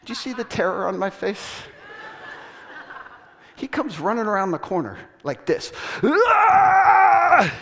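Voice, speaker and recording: A male pastor telling a story in a sermon, acting out voices with laughter and animated delivery. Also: sits high. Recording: long hall reverb.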